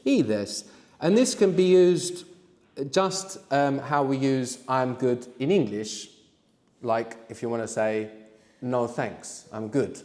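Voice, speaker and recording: A man teaching a live language workshop, explaining slowly and prompting his students to answer. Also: mid-range voice, warm tone, in a large hall. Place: room with students.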